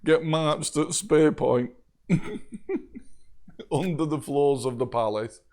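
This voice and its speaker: A man's voice: on the high side, expressive, extremely slow, a little mellow. A man narrating as game master of a tabletop game, often laughing as he talks.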